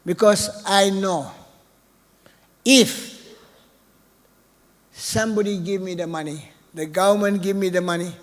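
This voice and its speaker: A man's voice: sits high, fairly even intonation, unhurried, long pauses. An older man, giving an off-the-cuff keynote speech in a chatty way that keeps checking in with the audience. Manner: chatty, asks the audience "right?" often. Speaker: keynote speaker. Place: large hall. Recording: long hall reverb.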